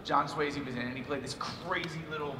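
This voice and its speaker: A man's voice: a little high, steady tone, a little fast, very noisy. A man, a voice actor on a convention panel, rambling casually with restarts. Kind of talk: casual storytelling, self-interrupting. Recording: echoey convention hall, mic from far off.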